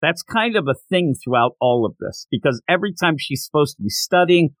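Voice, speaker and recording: A middle-aged man co-hosting a podcast, recapping a manga chapter in casual chat, animated and dropping into silly voices when quoting characters. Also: on the high side, a little fast, no echo. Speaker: podcast co-host.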